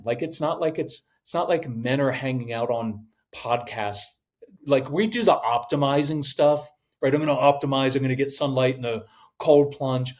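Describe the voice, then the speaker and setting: A middle-aged man, a parenting educator, giving direct coaching advice in a podcast interview and acting out parents and kids in quick voices. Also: medium pitch, a little mellow.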